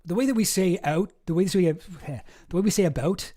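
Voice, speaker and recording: A man's voice: high voice, moderate pace, mellow. A young Canadian man with a Canadian accent, chatting casually on a live stream and answering his chat, rambling with lots of fillers and restarts.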